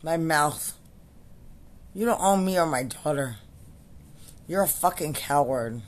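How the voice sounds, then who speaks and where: A woman's voice: low voice, animated, slow pace. A woman and military veteran delivering an angry, profane and repetitive ranting monologue.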